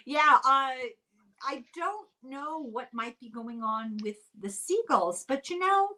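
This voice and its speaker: Lively, chatty older woman host. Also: high voice, slow. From Ireland. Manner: chatty and animated, laughs often. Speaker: podcast host. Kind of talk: casual chat.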